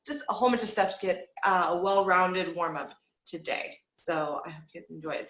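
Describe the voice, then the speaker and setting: A woman's voice: medium pitch, a bit bright, echoey room, lo-fi sound. A woman vocal teacher leading an online singing lesson from home, guiding breathing exercises in an encouraging, instructive way and counting aloud. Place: home room.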